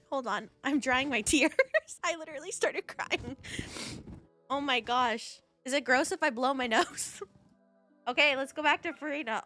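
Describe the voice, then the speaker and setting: High bright excitable woman streamer. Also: no echo. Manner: excitable, squealing with joy, talks to chat. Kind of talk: live game streaming chat.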